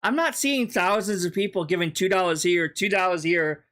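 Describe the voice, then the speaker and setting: Male streamer, somewhat high-pitched, blunt and sneering in casual commentary. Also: normal speed, fairly bright tone. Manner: blunt, mocking, swears often. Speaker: streamer reacting to a video.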